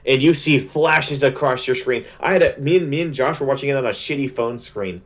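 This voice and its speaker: A young man recapping an anime in a casual spoiler review, excited and slangy with lots of fillers. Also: medium pitch, brisk.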